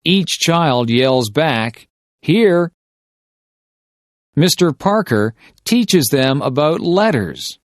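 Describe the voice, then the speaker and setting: A man reading simple short stories slowly and deliberately for English shadowing practice. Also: medium pitch, no echo, clean studio sound. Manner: deliberate, carefully paced reading of short sentences. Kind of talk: slow scripted story reading for shadowing practice.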